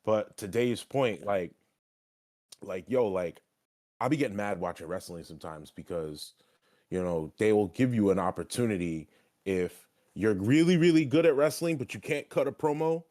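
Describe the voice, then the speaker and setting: A man's voice: on the low side, moderate pace, darkish tone. A young man streaming and chatting casually, talking loosely with lots of filler "like" and plenty of swearing. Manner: loose, profane, heavy on filler "like". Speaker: streamer and wrestling trainee.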